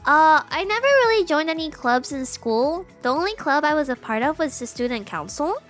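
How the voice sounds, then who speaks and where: Giggly high-voiced woman streamer. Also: normal speed, soft background music. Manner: giggly, animated storytelling. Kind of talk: casual gaming stream chat.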